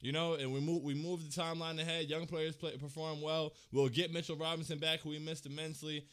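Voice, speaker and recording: A man's voice: a little high, flat delivery, brisk, a bit bright, clear, resonant tone. A young man hosting a fan livestream, talking casually in slang and holding back tears, repeating himself as he thanks his viewers. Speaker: fan channel host.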